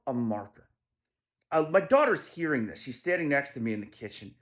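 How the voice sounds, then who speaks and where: Animated man telling a personal story. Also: brisk. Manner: animated, swings from low murmurs to loud emphasis. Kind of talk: casual storytelling monologue.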